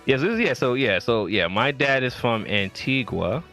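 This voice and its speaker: A man's voice: medium pitch, lively intonation, moderate pace, bright, forceful tone, faint music behind. A man hosting a casual late-night livestream, talking in a laid-back, slangy way and laughing often. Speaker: livestream host.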